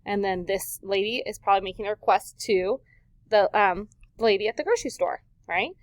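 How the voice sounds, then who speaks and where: A woman teacher giving a vocabulary lesson to grade-schoolers in a dry, close recording. She speaks patiently and clearly at a mid pitch, stretching words slowly for the class to repeat. She checks in with the kids after nearly every point. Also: no echo. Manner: patient, clear, checks in often with "okay?" and "right?".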